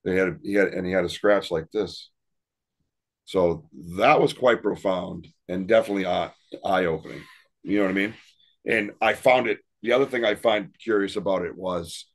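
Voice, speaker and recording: A man and paranormal investigator telling stories in a casual interview, rambling and laughing often. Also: deep voice. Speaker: paranormal investigator and podcast guest.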